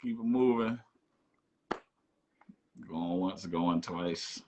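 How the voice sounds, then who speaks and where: A man's voice: sits low, very slow, a little mellow, muffled recording. A man hosting a casual online call-in chat. He talks in a loose, playful, teasing way. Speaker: host.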